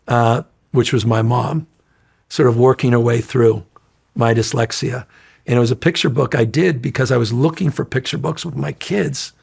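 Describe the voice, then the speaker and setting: A middle-aged man, an interview guest, telling profane, animated stories in casual chat and acting out the people he quotes. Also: medium pitch, creaky, breathy edge. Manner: profane, animated storyteller, acts out quoted voices loudly.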